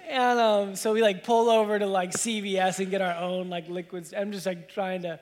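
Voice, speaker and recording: A man's voice: high-pitched, flat delivery, moderate pace, darkish tone, long reverb tail. A man in his thirties preaching a sermon as pastor, chatty and loose, full of fillers as he tells a family story. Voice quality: casual, filler-heavy storytelling with many "like"s. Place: church sanctuary.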